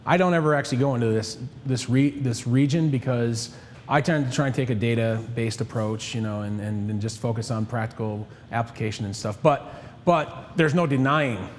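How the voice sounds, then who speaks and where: A man's voice: medium pitch, moderate pace, in a large hall, a little hiss or hum. A man hosting a casual panel talk, often restarting his words and wandering into asides.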